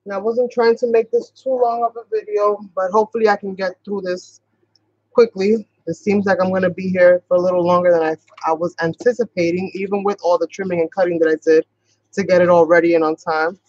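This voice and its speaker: A woman with a lowish, somewhat dark voice runs a craft tutorial livestream, chatting and rambling in a casual way and sometimes rushing her words. She comes from New York but her accent sounds like Boston, and the dry recording has its highs cut off.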